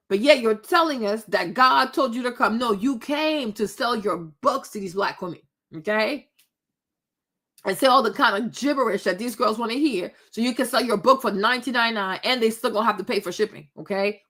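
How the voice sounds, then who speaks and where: High-voiced woman bluntly scolding. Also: fairly bright tone. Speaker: commentary host. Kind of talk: reaction commentary.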